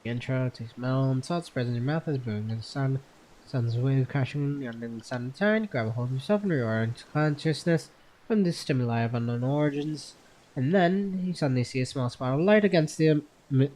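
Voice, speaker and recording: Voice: medium pitch, normal speed, darkish tone. A gaming content creator reading a game's story text aloud in second-person narration, often tripping over words and correcting themselves, with faint music behind. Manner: reads narration aloud with frequent stumbles and self-corrections.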